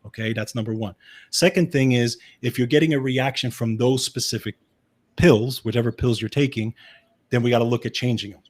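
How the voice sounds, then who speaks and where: A man's voice: mid-range voice, steady tone, fairly quick, darkish tone. A man with a Brooklyn accent, a health and wellness specialist explaining supplements in a casual chat. He talks in an explanatory way, often adding "okay" and restarting his sentences.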